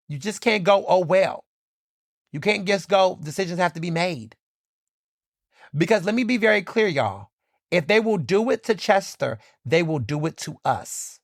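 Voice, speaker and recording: A man's voice: high-pitched, lively intonation, normal speed, creaky, no echo, clean studio sound. A man hosting his own podcast, giving fired-up commentary with emphatic repetition, swearing and many "like" fillers. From Philadelphia. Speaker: podcast host. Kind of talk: impassioned solo commentary.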